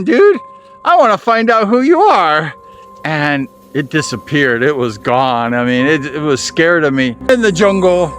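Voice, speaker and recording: An excitable man with a high-pitched voice, telling his story while vlogging outdoors high on a mountain. Music runs clearly beneath his voice. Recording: music playing underneath.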